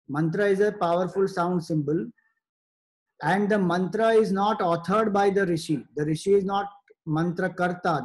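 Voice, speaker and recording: A man gives a spiritual discourse in a fairly high voice for a man. He explains slowly and carefully, in short phrases broken by pauses. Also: darkish tone. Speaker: spiritual teacher.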